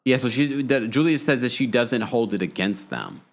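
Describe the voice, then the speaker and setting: A man hosting a live recap show, chatting casually, reading out viewer comments and gossiping with animated energy. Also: medium pitch, moderate pace. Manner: animated, gossipy, mimics people in quotes. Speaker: podcast host.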